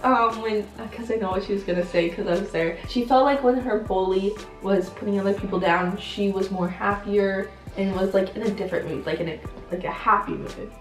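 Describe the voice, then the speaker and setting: A woman's voice: mid-range voice, brisk, few pauses. Shy teenage girl chatting, roomy sound. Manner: soft-spoken, hesitant, many fillers. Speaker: channel co-host. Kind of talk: casual sit-down chat. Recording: roomy sound, mic at a distance, faint music.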